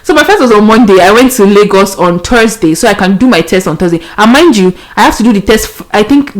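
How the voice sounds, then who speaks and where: A woman's voice: mid-range voice, lively intonation, fast. A young Nigerian woman hosting a podcast, telling a story casually and animatedly, laughing often and mixing in pidgin. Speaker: podcast host.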